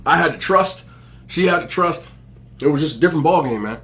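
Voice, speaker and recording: A man in his forties telling stories to viewers in a relaxed, joking way, laughing often and using plenty of slang. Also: a little high, a little fast. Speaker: mukbang host. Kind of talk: casual storytelling to viewers.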